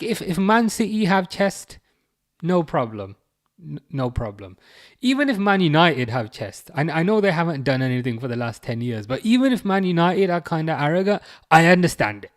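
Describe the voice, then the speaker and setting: Recorded dry and at studio quality, a young man from England with a fairly high pitch runs a football watch-along stream. He reads out viewer comments in a rambling, chatty, mocking manner, stumbling through plenty of fillers and restarts.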